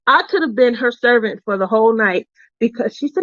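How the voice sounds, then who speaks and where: A middle-aged woman hosting a crafting vlog, telling chatty stories with frequent laughter and animated retellings. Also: on the high side, brisk, no room sound. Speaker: crafting channel host. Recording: dull lo-fi sound.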